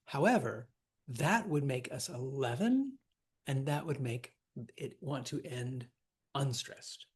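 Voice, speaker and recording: A teacher lectures on poetic meter in a slow, unhurried way. The voice is husky and a little breathy. Asides and fillers keep the talk loose, and now and then the stresses are tapped out in sing-song syllables. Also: mid-range voice, sing-song. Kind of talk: classroom lecture on verse.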